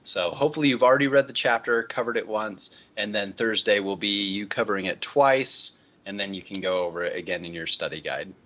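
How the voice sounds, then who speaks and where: A male college instructor giving a relaxed, conversational online lecture, often moving on with "all right, so.". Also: fairly low pitch, fairly quick, dull audio. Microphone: computer microphone.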